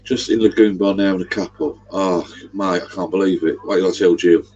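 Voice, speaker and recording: A man's voice: low voice, fairly even intonation, a little fast, darkish tone, breathy edge, highs cut off. A middle-aged man, rambling chattily on a livestream. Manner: rambling, chatty, gives directions. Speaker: livestream host. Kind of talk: casual livestream chat.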